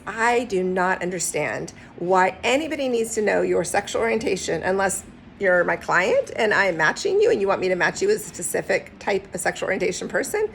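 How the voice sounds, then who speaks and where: Candid woman matchmaker, slightly gravelly. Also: medium pitch, slight background noise. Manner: candid, direct, animated storytelling with acted quotes. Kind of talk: direct-to-camera advice vlog.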